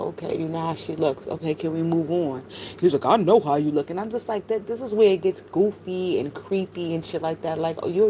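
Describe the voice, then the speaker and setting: A woman's voice: lowish voice, warm tone, a little hiss or hum, rough recording. A middle-aged woman streaming, chatting casually and bluntly about online drama, gossipy and full of profanity. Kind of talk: casual livestream chat.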